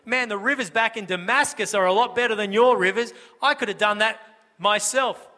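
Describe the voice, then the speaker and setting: A boastful army commander, puffed up and indignant, as a preacher puts him on. His voice is pushed higher and brighter than the speaker's own, ranting at full volume. It rings with the long reverb of a church hall. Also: a little fast.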